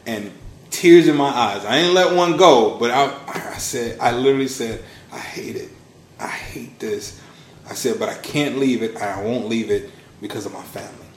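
Animated male storyteller in an echoey room. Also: normal speed, slight background noise. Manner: animated storyteller, acts out quotes with big pitch swings. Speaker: podcast guest, launch strategist. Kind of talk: casual storytelling interview.

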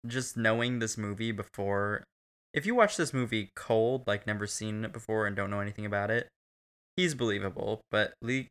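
Crude animated guy recapping a movie, bright punchy voice, swears a bunch. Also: fairly low pitch. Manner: profane, animated, laughs often. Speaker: podcast co-host. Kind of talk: casual crude film recap chat.

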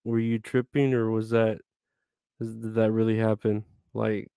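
A man's voice: fairly low pitch, monotone, measured pace, gravelly, mellow, smooth, no echo. A man chatting casually with viewers on a live stream, rambling, grumbling and swearing a lot.

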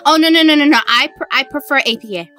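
A young adult woman co-hosting a podcast in casual chat, playful and teasing, blunt and quick to swear. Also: high-pitched, sharp tone, faint music behind. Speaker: podcast co-host.

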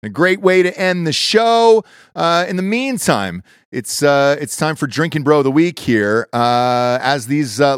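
A male podcast host with a lively voice that swings up and down, loud and foul-mouthed, often bursting into hype shouts. The studio sound is dry and close. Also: on the high side, clear, resonant tone, dry recording. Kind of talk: casual banter. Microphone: studio mic.

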